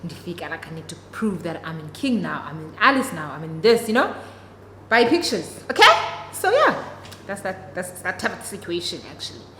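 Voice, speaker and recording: A woman's voice: on the low side, big pitch swings, moderate pace, pushed and bright. A young South African woman whose first language is isiXhosa, telling a story-time vlog to her viewers in a chatty, dramatic way. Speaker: vlogger. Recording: echoey room, long reverb, faint noise.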